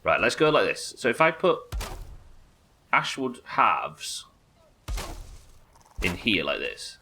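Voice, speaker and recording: A man's voice: medium pitch, very animated, slow, bright, forceful tone, faint music behind. A British man giving casual, chatty, sweary commentary while he plays and builds in a game. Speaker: game streamer. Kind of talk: casual let's-play commentary.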